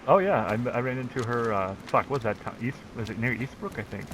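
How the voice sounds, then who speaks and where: A man's voice: medium pitch, animated, fast talker, a bit bright, a little hiss or hum, rough recording. A man talking in character during a roleplay, easygoing and laid-back, swearing casually. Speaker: roleplay player.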